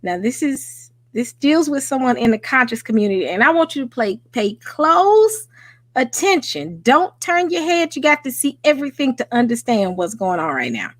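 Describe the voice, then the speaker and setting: A woman with a Southern US accent hosts a late-night livestream in an animated, chatty way, though she is tired after a day of work. Her voice sits fairly high and has a bright, lively tone. It is recorded close and dry on a home microphone. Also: normal speed, no echo. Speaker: livestream host. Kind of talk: casual livestream chat.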